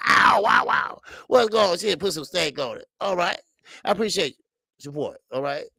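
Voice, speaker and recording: A man with a slightly high, gravelly voice hosts a boxing livestream, his pitch swinging widely as he jokes, curses and calls out chatters by name. The sound is dry and close, with no room around it. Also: normal speed, no echo. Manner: animated, chatty, laughs often, greets chatters; profane slang. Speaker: boxing show host. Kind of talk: casual livestream commentary.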